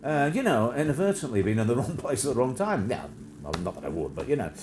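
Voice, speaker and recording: Lively chatty man, noisy line. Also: medium pitch, fast. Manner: chatty, jokey, laughs often, many restarts. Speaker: live stream host. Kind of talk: casual rambling chat.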